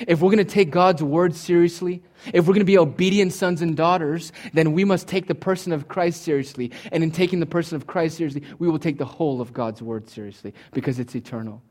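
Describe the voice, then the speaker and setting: A man preaching a sermon as pastor, rising to loud emphatic peaks and dropping to soft low asides, sometimes acting out the listener's imagined thoughts. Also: fairly quick, few pauses. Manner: acts out the listener's imagined thoughts in quoted voices.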